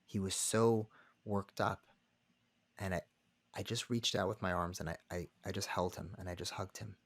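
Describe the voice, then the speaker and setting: Deep-voiced guy, rabbi on a podcast, earnest, stops and restarts a lot, dry close sound. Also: steady tone, no room sound. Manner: earnest, halting, many restarts. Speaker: rabbi and counselor, podcast guest. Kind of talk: conversational storytelling.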